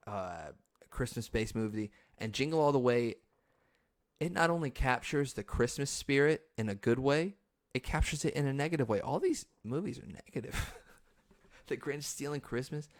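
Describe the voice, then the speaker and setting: A man hosts his own podcast in an easygoing, unhurried way, at a middling pitch. He gets excitable and laughs often, and his voice leaps high whenever he acts out a quote. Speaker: podcast host. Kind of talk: casual solo podcast talk.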